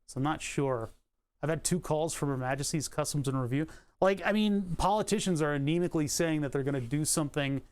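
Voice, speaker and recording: A man with a fairly high voice talks loosely through a repair on a livestream. He rambles and drifts into asides, with lots of fillers and the odd laugh. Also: brisk. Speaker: streamer. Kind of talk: casual livestream talk while repairing electronics.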